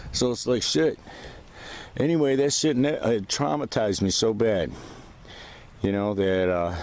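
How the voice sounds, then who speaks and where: A man's voice: lowish voice, a little mellow, slight background noise. A man ranting to camera in a vlog, rambling, profane and agitated. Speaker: vlogger. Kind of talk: casual rant to camera.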